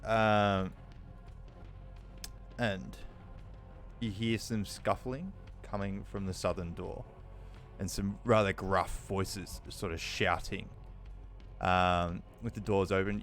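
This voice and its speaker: A man with a very deep voice runs a tabletop game as its dungeon master. He narrates the action casually, pausing and filling gaps with "um" as he goes. Soft music hums faintly under him. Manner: loose, hesitant narration with many fillers.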